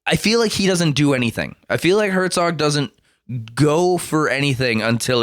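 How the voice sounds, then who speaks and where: A man's voice: fairly high pitch, lively intonation, moderate pace, a bit bright, dry recording, clean studio sound. A man co-hosting a podcast in casual chat, laid-back and profane, chiming in with quips. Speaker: podcast co-host.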